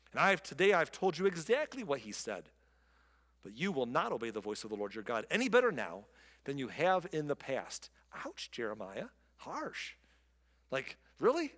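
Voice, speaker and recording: A man preaching a sermon as pastor, reading scripture slowly and breaking into quick joking asides. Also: a little high, in a large hall. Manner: lively, reads scripture slowly then jokes in quick asides. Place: church.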